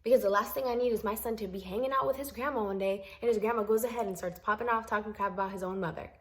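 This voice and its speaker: A woman's voice: mid-range voice, fairly even intonation, racing. Exasperated young woman telling a story. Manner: emphatic, exasperated retelling; repeats herself for emphasis. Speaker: vlogger. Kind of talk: storytime vlog.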